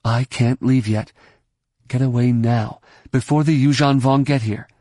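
A man voicing a brisk, commanding middle-aged woman leader in an audiobook. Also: medium pitch, fairly even intonation, dark tone, no echo, clean studio sound, close to an everyday voice. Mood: urgent, commanding.

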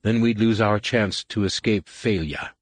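Man doing a stubborn pregnant woman, insistent, raised voice, husky, dry close read. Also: unhurried, dry recording. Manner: insistent, lifted pitch. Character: Mara, strong-willed pregnant woman, stubborn.

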